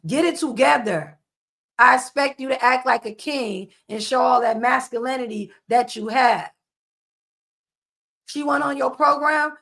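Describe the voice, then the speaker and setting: A woman with a fairly high voice scolds bluntly in casual commentary. She repeats herself for emphasis and talks with flat certainty. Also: moderate pace, vocal fry.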